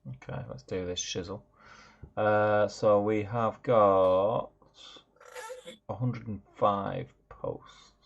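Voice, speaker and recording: A man's voice: lowish voice, fairly even intonation, takes it slowly, vocal fry. A man co-hosting a hobby stream, upbeat and jokey as he reads out viewers' names. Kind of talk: casual chat. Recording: slightly dull, lo-fi audio.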